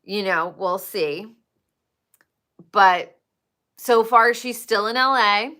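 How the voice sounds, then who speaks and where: A woman's voice: mid-range voice, takes it slowly, pushed and bright, clean tone. A woman livestreaming, chatting casually and gossiping with her viewers and swearing freely.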